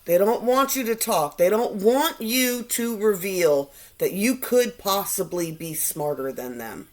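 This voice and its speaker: A tarot reader with a mid-range voice gives viewers a casual reading. She's animated and quick to imitate the people she's quoting.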